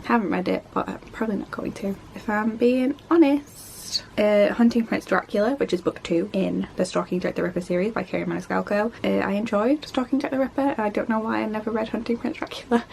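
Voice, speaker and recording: A woman chatting casually as a book vlogger, rambling quickly and poking fun at herself. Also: medium pitch, vocal fry, darkish tone, slight background noise. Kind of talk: casual chat.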